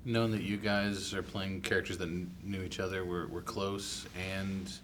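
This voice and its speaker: A man's voice: low voice, flat delivery, moderate pace, fairly bright tone, a little hiss or hum. A man interviewing two actors, asking casual, rambling questions.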